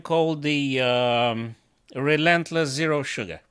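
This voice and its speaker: A man's voice: medium pitch, lively intonation, slow pace, bright, forceful tone. A chess coach streaming live, a man thinking aloud over his moves, self-mocking and bursting into exclamations.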